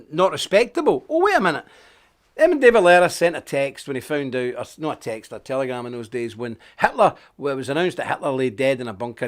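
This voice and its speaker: Lively, outspoken man. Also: on the high side. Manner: outspoken, emphatic, folksy. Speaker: host of a live stream report. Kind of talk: unscripted live-stream monologue.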